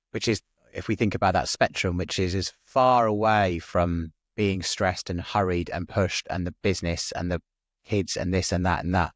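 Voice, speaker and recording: A man with a very low voice, hosting a conversational podcast. He talks in a thoughtful, halting way and makes fun of himself a little. The recording is close and dry. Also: no echo. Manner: reflective, hesitant, self-deprecating. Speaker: podcast host.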